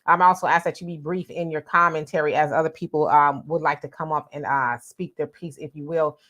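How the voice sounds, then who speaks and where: A woman hosting a livestream, greeting viewers by name and reading out their comments in a relaxed way. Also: low-pitched, a little fast, lo-fi sound. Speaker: host.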